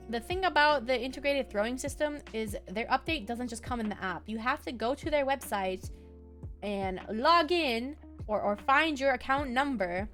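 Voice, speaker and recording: Chatty young woman streamer, higher voice. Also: a bit bright. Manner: chatty, rambling, quick to laugh. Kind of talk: casual chat.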